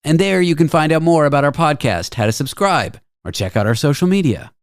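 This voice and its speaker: A man's voice: a little high, expressive, fairly quick, smooth, no echo. A man hosting a radio talk show, delivering a sarcastic, jokey news monologue into a studio microphone.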